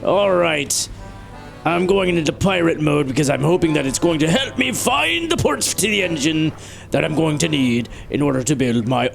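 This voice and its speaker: Goofy, animated gamer man, gravelly voice. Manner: goofy, jokey, self-mocking; animated, playful pitch swings. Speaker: gaming YouTuber. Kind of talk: let's play commentary.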